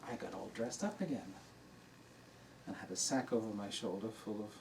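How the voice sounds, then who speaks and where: An older man, a dharma teacher, telling a personal story to an audience in a relaxed, anecdotal way and laughing at his own tale. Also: fairly low pitch, normal speed. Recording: distant mic in a room with faint noise.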